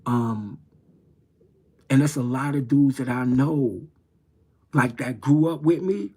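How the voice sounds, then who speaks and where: A man's voice: mid-range voice, slow pace, a little mellow, husky. A middle-aged man from New York City tells a personal story in casual, streetwise speech. He rambles and circles back to repeat his phrases as he talks on his livestream. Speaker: livestream host.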